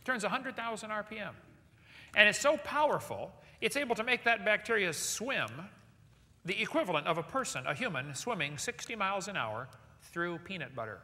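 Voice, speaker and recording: A man giving a lecture to a live audience in a large hall, animated and jokey, firing rhetorical questions at the crowd. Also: high voice, normal speed. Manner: jokey asides. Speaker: seminar speaker. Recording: long hall reverb.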